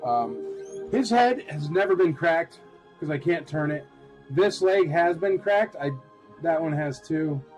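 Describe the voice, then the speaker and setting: A man's voice: a little high, lively intonation, slow pace, a little mellow, faint music behind. A man hosting a casual live-stream auction, chatty and rambling with lots of filler words.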